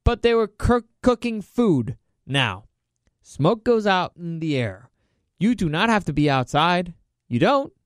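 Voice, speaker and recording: A man's voice: high-pitched, a little slow, no room sound, clean studio sound. A man hosting a solo podcast, ranting sarcastically with plenty of swearing and laughter. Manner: sarcastic, profane, mocking; animated, laughs often. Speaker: podcast host.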